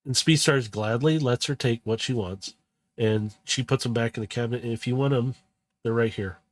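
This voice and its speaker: A man's voice: medium pitch, a little fast. Casual man narrating as game master. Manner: casual, rambling, self-correcting. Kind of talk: narrating a tabletop role-play game.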